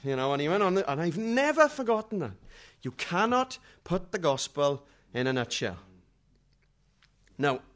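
This middle-aged preacher talks in a fairly high, very animated voice, keeping a measured pace. His sermon is conversational and humorous, swinging between quiet remarks and loud dramatic readings.

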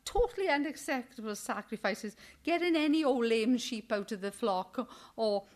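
A woman's voice: fairly high pitch, animated, moderate pace, darkish tone. An older woman leading a Bible study in an earnest, chatty sermon style, often ending her points with tag questions and acting out indignant quotes with animation. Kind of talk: informal sermon.

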